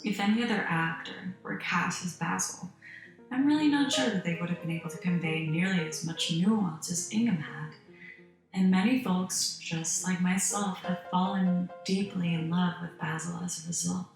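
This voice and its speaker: A woman's voice: lowish voice, moderate pace, gravelly, music in the background. Earnest woman narrating in an echoey room. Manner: earnest and admiring. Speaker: video essay host. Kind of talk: scripted video essay narration.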